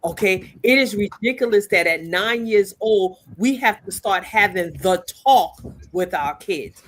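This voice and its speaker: A woman's voice: mid-range voice, lively intonation, a little slow. Woman, sixties, blunt, passionate, podcast guest. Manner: blunt, passionate, talks straight to the host. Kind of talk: casual podcast discussion.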